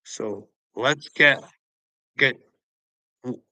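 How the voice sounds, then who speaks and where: A man's voice: mid-range voice, extremely slow, bright, forceful tone, no room sound, rough recording. A man delivering a profane, confrontational vlog rant, taunting the people he addresses. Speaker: online commentator. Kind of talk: ranting vlog monologue.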